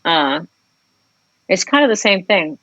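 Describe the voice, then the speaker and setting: Frank, rambling woman guest, lowish voice. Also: sing-song, unhurried, pushed and bright, dry recording, muffled recording. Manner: rambling, reflective, frank, swears. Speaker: singer-songwriter guest. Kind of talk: casual podcast interview.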